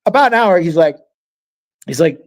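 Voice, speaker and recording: A man's voice: fairly high pitch, animated, moderate pace. A man co-hosting a podcast, telling a story in casual chat, laughing often and acting out what other people said. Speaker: podcast co-host.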